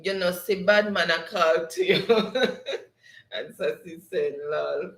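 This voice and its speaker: A man's voice: high-pitched, takes it slowly, a bit bright, echoey room, low-quality recording. A man with a Jamaican accent hosting a live stream, reading viewer comments aloud and laughing often. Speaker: show host.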